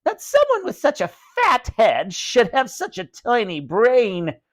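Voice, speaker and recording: A cackling evil ventriloquist dummy, as a man puts him on, screeching and mocking with gleeful spite. The voice jumps high and sharp, with a strange, put-on ring to it. Read aloud from a spooky storybook. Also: huge pitch swings, measured pace, full character voice.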